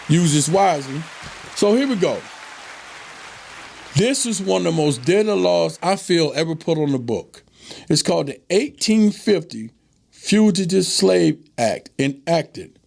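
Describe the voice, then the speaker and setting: A middle-aged man hosting an informal history lesson, preachy and animated, often repeating himself for emphasis. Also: a little high, gravelly. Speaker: host.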